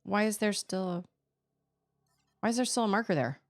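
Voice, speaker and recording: A woman's voice: mid-range voice, moderate pace. A young woman streaming a video game, chatting casually and breaking into silly voices. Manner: chatty, animated, jumps into silly voices and laughs. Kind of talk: casual gameplay stream chat.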